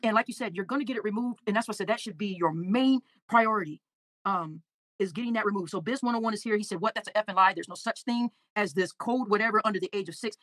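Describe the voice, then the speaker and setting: A woman hosts a casual livestream at a quick clip, reacting to viewer comments. She talks with feeling, stumbling and repeating words as she goes, in a dry, close sound. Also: medium pitch, a bit bright, no echo. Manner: emotional, halting, repeats words. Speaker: livestream host.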